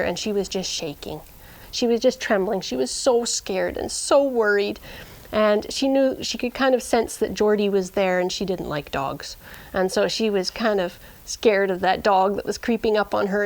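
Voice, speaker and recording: Woman storyteller, earnest personal narration, middle pitch, hushes for suspense. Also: rough recording. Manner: earnest, drops to a hush at tense moments. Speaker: storyteller and shepherd.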